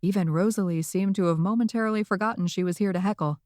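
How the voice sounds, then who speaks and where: A woman narrates a first-person audiobook with lively, wry storytelling. Her voice sits in an ordinary middle pitch. It is recorded close and dry in a studio. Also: fast talker, dry recording.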